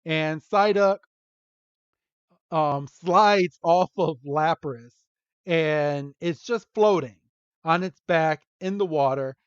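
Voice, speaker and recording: A podcast host with a slow, clear, somewhat high and resonant voice recaps a cartoon episode, rambling loosely and chuckling often. The recording is dry, dull and lo-fi.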